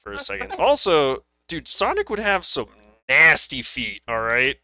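A man in a casual comedy podcast chat, his voice bright and swinging widely in pitch as he jokes. He talks at an unhurried pace, and the recording sounds dull and lo-fi. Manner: animated, joking reactions. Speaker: podcast co-host.

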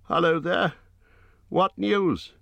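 A man voicing a small, fussy, kindly male hobbit who speaks in a high, eager, slightly shaky voice. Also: takes it slowly, gravelly, bright, forceful tone, no echo, exaggerated voice.

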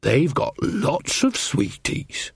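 A cheerful, earthy old witch grandmother, as a male reader puts her on, pitched well above his own voice. She chats in a homely, folksy way, in a dry, close recording. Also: big pitch swings, moderate pace, no echo. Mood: coaxing. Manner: chatty and homely.

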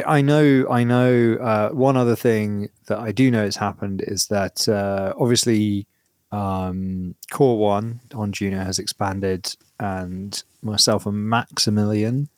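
A man's voice: fairly low pitch, no echo, studio quality. A man co-hosting a podcast in casual chat, rambling and self-interrupting, laughing often. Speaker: podcast co-host.

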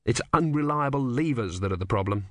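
Guy reading an audiobook, wry and even, dry close mic. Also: mid-range voice, fairly quick, dry recording. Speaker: audiobook narrator. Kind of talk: scripted narration.

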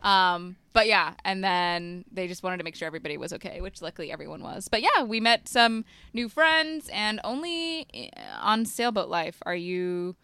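Woman, podcast co-host, bright clear voice, lively storytelling, dry sound. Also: medium pitch, moderate pace, few pauses, no room sound. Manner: animated storyteller, laughs often. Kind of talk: casual storytelling chat. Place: boat.

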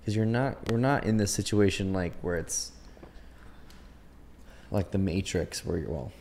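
A man's voice: low-pitched, a little slow, creaky, a little mellow, a little hiss or hum. A man hosting a podcast, chatting casually and thinking aloud with lots of fillers. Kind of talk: casual chat.

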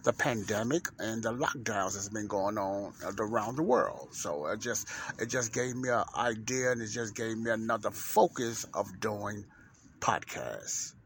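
A man's voice: lowish voice, unhurried, fairly bright tone, slight background noise. A man hosting a casual podcast monologue as a minister, rambling and repeating himself, with religious asides, speaking from inside a parked truck at work. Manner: rambling and repetitive, with many fillers and restarts; folksy and religious, often saying "Lord's willing".

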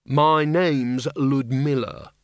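A man voicing a calm, dry-humored young woman who speaks levelly. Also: mid-range voice, very slow, no echo. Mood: polite.

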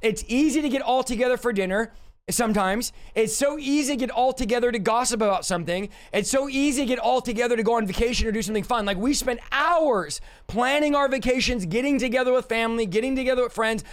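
Hoarse man, very high voice, fervent repetitive preaching on a live stream. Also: fast. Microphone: streaming setup reading live chat.

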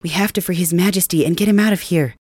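Urgent low-voiced woman in ASMR role-play. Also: fast, no room sound, clean studio sound. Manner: urgent, determined, hushed at times.

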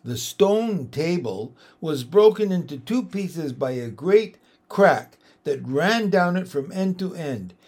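A man reading a children's storybook aloud, slow and expressive. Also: on the high side, breathy edge. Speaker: audiobook reader. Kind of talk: storybook narration.

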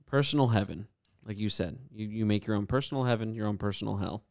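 A young man hosting a casual podcast chat, relaxed and rambling with lots of fillers. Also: on the low side, fast, gravelly, dry recording, studio quality. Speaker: podcast host.

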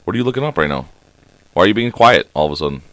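A man co-hosting a casual podcast, bantering crudely and laughing as he acts out little quotes. His voice is bright and forward, his pitch swinging widely. The sound is close and dry. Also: sing-song, racing, no room sound. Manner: laughing, swearing, acting out mock quotes. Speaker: podcast co-host.

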